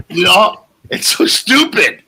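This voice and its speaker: A man who is a stand-up comedian, telling animated jokey stories in a casual interview. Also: sits high, low-quality recording. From Greek heritage. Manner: animated, joking storyteller with raspy, gravelly voice. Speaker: comedian guest. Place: lives in England.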